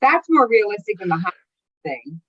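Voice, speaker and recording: A woman's voice: mid-range voice, big pitch swings, sharp tone, slightly rough. Skeptical woman with a dull recording. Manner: skeptical, quick questions. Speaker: podcast co-host. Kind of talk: casual podcast chat.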